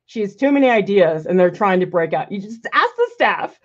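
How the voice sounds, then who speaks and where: A woman's voice: mid-range voice, lively intonation, brisk. A woman art professor painting live, thinking aloud casually and critiquing her own work, laughing often as she answers viewer questions. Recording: slightly dull lo-fi sound.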